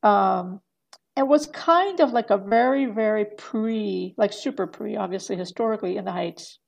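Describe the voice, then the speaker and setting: Gravelly woman rambling through a podcast chat. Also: mid-range voice, normal speed, darkish tone. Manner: rambling with many fillers and restarts, laughing often. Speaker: guest. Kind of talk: casual podcast conversation.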